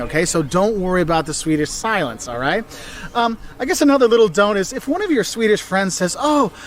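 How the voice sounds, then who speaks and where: A man with a notably high voice hosts a travel video, speaking lively and animated, throwing in joking asides and playful exaggerations. He is recorded outdoors in a city, with passing traffic sometimes heard behind him. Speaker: travel vlogger. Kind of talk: presenting a travel video to camera.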